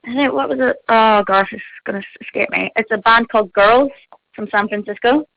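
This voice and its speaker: A woman's voice: a little high, fairly quick, gravelly, no echo. A teenage girl, a singer being interviewed, chatting in a bubbly way with lots of fillers and giggles. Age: teens. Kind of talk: casual chat. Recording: phone line, dull and dry.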